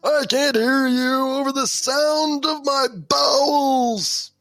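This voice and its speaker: A man's voice: steady tone, slow pace, a bit bright, dry recording, clean studio sound, heavily acted. A teenage boy putting on a doddering, hard-of-hearing old man voice. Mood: mocking. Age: teens. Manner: mock-quavery, exaggerated high voice.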